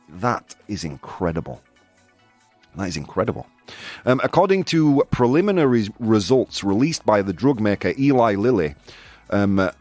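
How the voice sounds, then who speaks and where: A male podcast host whose pitch swings up and down a lot as he chats through the news. He is self-deprecating, laughs often and trips over tricky words. The sound is dry and close, with faint music underneath. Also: darkish tone, no room sound. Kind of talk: casual live-stream news chat.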